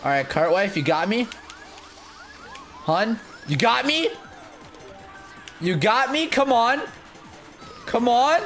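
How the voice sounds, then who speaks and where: A man with a high, lively voice calls his own gameplay as it happens. He talks in an unhurried way and teases himself as he plays. Faint game music plays under him. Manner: excitable, jumps between muttering and shouting; self-mocking. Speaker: gaming video creator. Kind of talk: live gameplay commentary.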